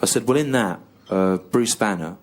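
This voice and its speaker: A man in his thirties with an English accent, telling a long story on stage in a slow, halting deadpan style full of pauses and repetition. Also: on the low side, slight background noise. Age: 30s. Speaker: stand-up comedian. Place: comedy venue on stage with audience laughter.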